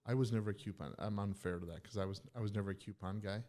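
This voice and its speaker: Quick, skeptical middle-aged man on a talk show, lower voice, stumbles over his words. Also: steady tone, warm tone. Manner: skeptical, stammers with repeats. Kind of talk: casual chat.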